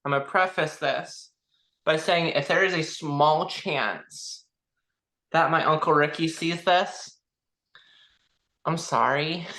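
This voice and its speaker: Podcast co-host, bright voice, self-mocking storyteller. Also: medium pitch, takes it slowly, long pauses, rough recording. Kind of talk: casual chat.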